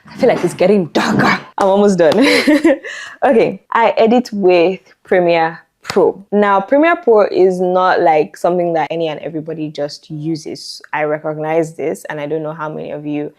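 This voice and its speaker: A chatty young woman with a slightly low voice shares advice in a relaxed talking-head vlog. She talks casually and laughs often between points. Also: normal speed. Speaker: content creator.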